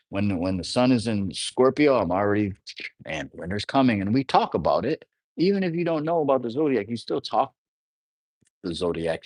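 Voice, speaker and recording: A man's voice: lowish voice, dry recording. Man talking astrology, loose and rambling. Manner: rambling, conversational, often asks "you know what I'm saying". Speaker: astrology teacher. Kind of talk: casual explanatory monologue.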